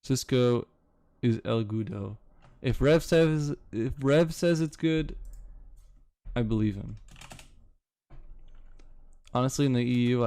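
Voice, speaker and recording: A man's voice: lowish voice, mellow, clear, resonant tone, no echo. A young man, chatting casually with his live-stream audience, rambling and swearing now and then. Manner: rambling, swears casually, reads chat aloud. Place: home, city with bootcamps he attended.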